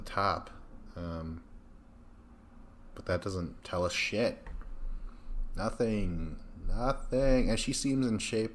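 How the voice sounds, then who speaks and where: A man's voice: lowish voice, slight background noise. A man hosting a podcast in loose casual chat, rambling and swearing with a joking tone. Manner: rambling, profane, jokey. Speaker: podcast host.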